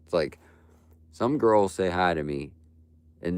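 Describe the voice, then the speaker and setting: A man's voice: sits low, slow pace, pauses often, a little mellow, clean tone, no echo. A young man livestreaming and talking to his chat, ranting bluntly and profanely with frequent "bro" and "like". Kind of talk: live stream talk to chat.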